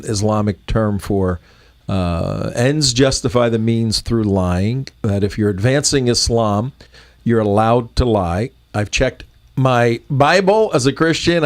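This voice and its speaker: A middle-aged man hosting a political talk show, opinionated and halting, often restarting his sentences. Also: fairly low pitch.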